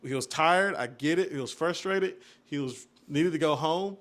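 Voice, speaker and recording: A man's voice: on the high side, normal speed. A young man telling family stories in a casual podcast chat, acting out what was said as he goes. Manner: storytelling, animated retellings of family moments. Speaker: podcast co-host.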